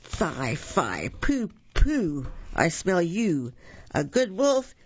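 A storyteller voicing a huge, threatening giant who booms his lines, on a dull recording. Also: sing-song, extremely slow, slightly rough, heavily acted. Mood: menacing. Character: huge stomping bullying male giant.

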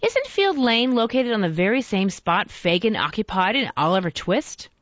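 Lady doing a calm steady victorian gent, gently pushy, dry dull recording. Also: medium pitch, normal speed, dry recording, lightly acted. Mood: gently probing. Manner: even, gently persuasive.

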